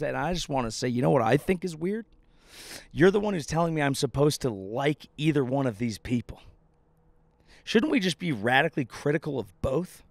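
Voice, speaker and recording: A man's voice: medium pitch, expressive, fairly quick, gravelly, no room sound. 30s guy ranting on his podcast, swears a lot, sarcastic, dry sound, outside by a lake. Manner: profane, sardonic, emphatic. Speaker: comedian podcast host. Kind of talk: comedic rant monologue. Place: outdoors by a lake.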